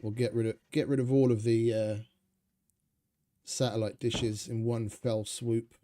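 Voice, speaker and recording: Mellow-voiced man chatting over gameplay. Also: medium pitch, little pitch movement, unhurried, a little hiss or hum. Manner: rambling, chatty, swears freely. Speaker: gaming streamer. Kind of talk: casual gameplay commentary.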